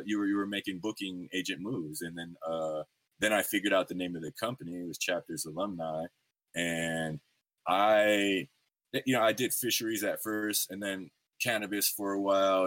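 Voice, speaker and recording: Bright, dry-voiced casual male podcast host. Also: sits low, dry recording. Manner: laid-back slangy storytelling with lots of fillers. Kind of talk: casual interview chat.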